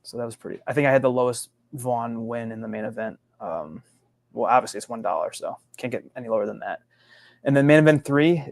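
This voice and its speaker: A man guesting on a fantasy baseball podcast, talking in an easygoing, halting way. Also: mid-range voice, vocal fry, dry recording. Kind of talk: casual fantasy baseball chat.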